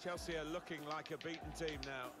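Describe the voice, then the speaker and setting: A man's voice: on the high side, steady tone, fairly quick, music in the background, close to an everyday voice. A man as a football pundit in a game. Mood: analytical. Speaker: game match commentator. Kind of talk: broadcast football commentary.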